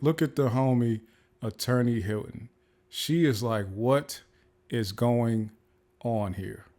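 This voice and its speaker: A man hosting a podcast who reacts to courtroom footage in an animated, amused and slangy way. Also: mid-range voice. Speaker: podcast host. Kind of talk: casual reaction commentary.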